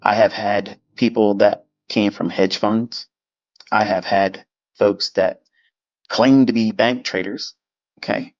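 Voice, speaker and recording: A man's voice: on the low side, steady tone, takes it slowly, dry recording, highs cut off. A man giving a blunt, lecture-style talk on trading, dismissive of critics, swearing and repeating himself. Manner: mimics critics in quoted asides. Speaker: trading educator.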